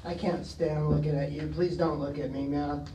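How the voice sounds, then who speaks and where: A man speaking at public comment in a council meeting, halting and clearing his throat, and growing indignant as he goes on. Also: fairly high pitch, little pitch movement, warm tone, a little hiss or hum. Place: council chamber. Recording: echoey chamber, distant mic.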